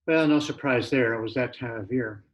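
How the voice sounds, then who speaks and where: A man, the author, reading his own novel aloud in plain, steady narration. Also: medium pitch, normal speed, lo-fi sound. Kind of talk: audiobook narration.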